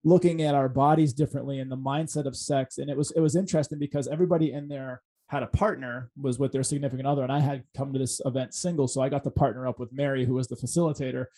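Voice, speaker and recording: A man's voice: medium pitch, fairly even intonation, fast talker, hardly any pauses, mellow. A man hosting a podcast, talking in an earnest, reflective way with many fillers and restarts. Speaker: podcast host. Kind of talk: casual podcast conversation.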